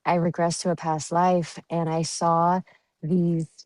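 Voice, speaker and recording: Soft-spoken giggly woman guest. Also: lowish voice, little pitch movement, slow pace, no room sound. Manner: giggly, dreamy, many fillers. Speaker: podcast guest. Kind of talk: casual podcast chat.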